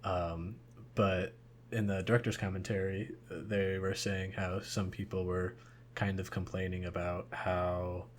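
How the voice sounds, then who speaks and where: A man's voice: low-pitched, little pitch movement, unhurried, slight background noise. A young man co-hosting a podcast in casual chat, rambling and hesitant with many fillers. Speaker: podcast co-host.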